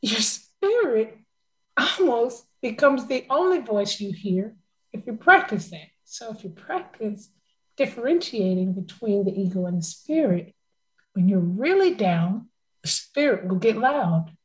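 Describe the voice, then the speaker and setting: A woman's voice: a little high, very animated, measured pace, rough recording. A woman talking in a casual conversation, telling a personal story with emotion and frequent laughter.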